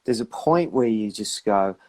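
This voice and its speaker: Reflective man giving calm advice. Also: on the low side, measured pace. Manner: reflective, acts out inner voices. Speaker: guest practitioner. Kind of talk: casual advice chat on a live stream.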